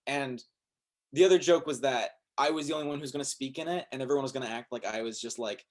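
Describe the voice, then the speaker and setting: Male guest, casual chat, rambling, hesitant, self-deprecating, mid pitch. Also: quick pace. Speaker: guest musician.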